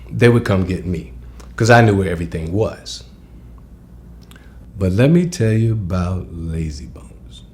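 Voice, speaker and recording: A man with a fairly low voice recounts a spooky memory from his childhood. He talks casually, going quiet and slow in the scary moments and louder when he is excited. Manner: conversational, hushed in tense parts, excited when recalling being disbelieved. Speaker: storyteller. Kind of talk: telling a childhood ghost story.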